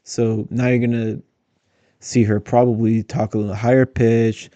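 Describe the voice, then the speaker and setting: A man's voice: mid-range voice, level tone, normal speed, dark tone, dry recording, highs cut off. A man giving blunt, critical casual commentary on interview clips. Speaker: political commentator.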